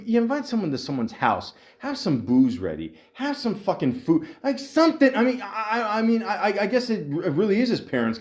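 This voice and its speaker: A man's voice: on the high side, darkish tone. A man hosting a podcast, telling a long profane story in a rambling way, with many restarts and mocking voices. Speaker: podcast host. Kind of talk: ranting storytelling.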